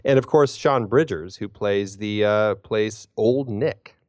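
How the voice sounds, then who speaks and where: Man, podcast co-host, lowish voice, hesitant, fillers and restarts, dry close sound. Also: takes it slowly, a little mellow, no echo. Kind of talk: casual film discussion.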